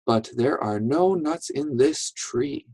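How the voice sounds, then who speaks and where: A teacher reading the lines of a worried mother squirrel from a children's storybook, in a slightly higher, louder voice. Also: animated, takes it slowly, no echo. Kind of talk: reading aloud to young children.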